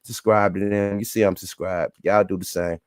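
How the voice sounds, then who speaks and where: A man's voice: low voice, flat delivery, moderate pace, clean tone, dry recording, studio quality. A man hosting a live stream, reacting to clips in loose, profane casual talk. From US West Coast. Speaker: host.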